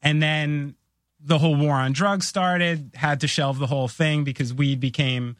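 A man's voice: on the high side, steady tone, unhurried, no echo, studio quality. A man hosting a casual podcast chat, telling long rambling stories full of fillers. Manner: rambling, filler-heavy storytelling. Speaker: podcast host.

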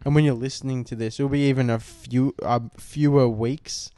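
A man's voice: mid-range voice, steady tone, normal speed, dark tone. A young Australian man co-hosting a casual podcast in a lounge room, laid-back and swearing a lot. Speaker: podcast co-host. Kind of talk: casual chat.

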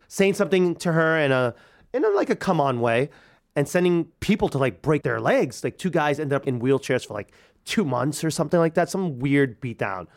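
A man telling a personal story in a conversational way, slipping into other people's voices as he recounts what they said. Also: on the high side. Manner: conversational, acts out dialogue.

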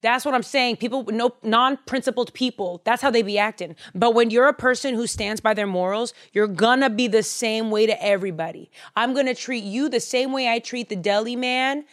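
A young woman hosting a casual Bible storytelling chat in a chatty, slangy, animated way. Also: on the high side, moderate pace, hardly any pauses. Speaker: podcast host.

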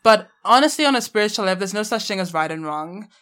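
A woman's voice: mid-range voice, animated, fast, a bit bright. Blunt, playful young woman podcast co-host. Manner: blunt, playful, swears casually. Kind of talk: casual chat.

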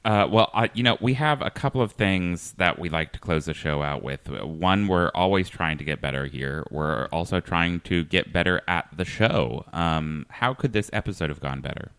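A man hosting a comedy podcast, deadpan and hesitant, full of ums and uhs. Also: deep voice, normal speed, few pauses, clear, resonant tone, no room sound. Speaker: podcast host.

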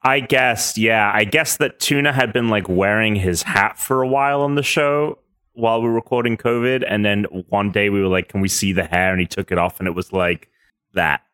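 A man's voice: fairly low pitch, steady tone, normal speed, pushed and bright, clear, resonant tone, no echo. A man co-hosting a podcast in easygoing casual chat, hesitating as he searches for his words. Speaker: podcast co-host.

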